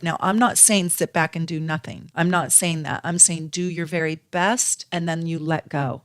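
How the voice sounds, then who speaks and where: Middle-aged woman astrologer, slightly low voice; earnest, animated advice with repeated phrases. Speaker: astrologer and tarot reader. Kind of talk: casual spiritual advice to viewers.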